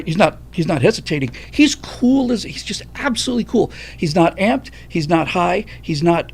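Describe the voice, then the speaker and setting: High-ish gravelly guy spinning a story on his stream, animated and swearing a lot. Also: normal speed, hardly any pauses. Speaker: livestream host. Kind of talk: telling a personal story.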